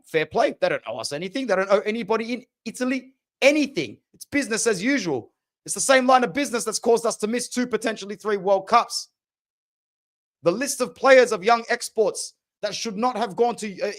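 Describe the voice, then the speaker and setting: A young man hosting a football podcast, ranting passionately and opinionated in casual slang. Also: high voice. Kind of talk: opinionated sports talk.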